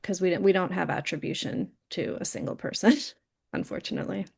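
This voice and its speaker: A woman's voice: lowish voice, brisk, creaky, husky. A woman on a town committee explaining a point in a hesitant way, with many restarts. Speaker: committee member. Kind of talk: casual meeting talk.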